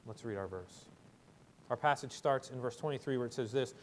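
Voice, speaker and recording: A man's voice: mid-range voice, a little fast. A pastor preaching a sermon to his congregation with emphatic, swinging delivery and repeated words for stress.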